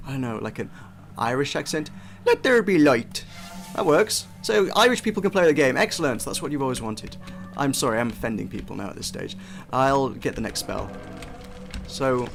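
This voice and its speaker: With a medium-pitched voice and noticeable vocal fry, a young man reviews a game through casual gameplay commentary. He's chatty and self-deprecating, frequently starting his sentences over.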